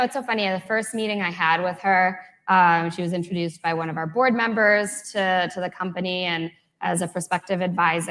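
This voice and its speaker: A woman speaking as a panelist in a live discussion, earnest, with many fillers. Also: on the low side. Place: event hall with audience.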